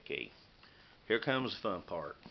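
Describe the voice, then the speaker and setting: A man's voice: sits low, sing-song, creaky. A man, rambling casually and hurrying through his unboxing vlog. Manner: folksy, rambling, hurried. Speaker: YouTuber showing knives and meal kits. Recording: muffled lo-fi camera audio with noise.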